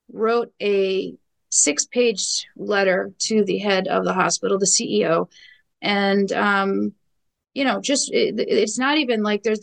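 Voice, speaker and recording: A middle-aged woman speaks as a guest, her voice carrying a gravelly edge. She tells her story bluntly and with emphasis, leaning on repeated phrases and fillers. Her pitch sits in an ordinary middle range for a woman. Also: low-quality recording. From New York. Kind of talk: personal account in a podcast interview.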